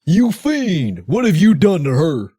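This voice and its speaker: A man's voice: on the high side, wildly swooping pitch, measured pace, dark tone, slightly rough, dry recording, studio quality, pitched above the performer's own voice, heavily acted. A man voicing an indignant, melodramatic male mayor in a game story. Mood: outraged. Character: outraged heroic male mayor.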